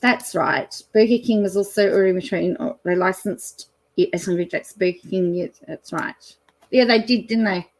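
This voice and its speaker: A middle-aged Australian woman, the host of her own channel, chatting casually and rambling as she reads out a fast-food menu, with many ums and some excited laughter. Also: fairly low pitch. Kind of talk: casual chat reading a menu aloud.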